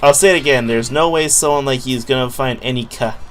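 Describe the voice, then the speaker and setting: Scornful game thug, loud and sneering, pitched up a little, a man putting him on. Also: fast, a little hiss or hum, natural voice. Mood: dismissive. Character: scornful male intel-dealing thug.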